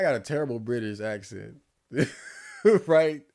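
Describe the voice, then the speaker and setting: A man's voice: mid-range voice, normal speed, darkish tone. A man chatting casually on a livestream, ranting and rambling with frequent restarts.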